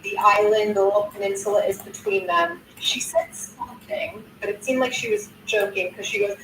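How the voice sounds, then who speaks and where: Recorded at a distance in a roomy space with faint noise, this woman in her sixties, a content creator, recounts a news video with casual indignation. Her fairly high, slightly bright voice stays fairly even at normal speed, and she swears a lot and keeps starting sentences over.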